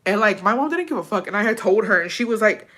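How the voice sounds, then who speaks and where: Young woman, casual storytelling, bright tone, profane, emotional. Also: mid-range voice, expressive, fast. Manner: profane, emotional, tearful at times. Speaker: vlogger.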